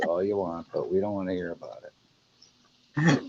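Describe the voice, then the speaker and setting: A man hosting a casual group chat, joking, teasing and laughing loudly. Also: sits low, unhurried, lo-fi sound, noisy background. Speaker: podcast host.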